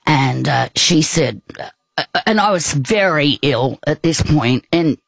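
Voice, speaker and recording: A woman's voice: sits low, animated, slow pace, gravelly, breathy edge, no echo. A woman in conversation, telling a personal story in a rambling, hesitant way with many restarts. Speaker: guest.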